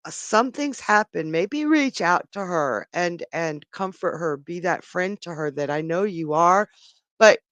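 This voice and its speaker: A woman's voice: lowish voice, fairly bright tone, no echo. A woman hosting a live psychic reading stream, chatting casually, giggling often, and reading tarot cards for viewers. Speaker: psychic reader and stream host.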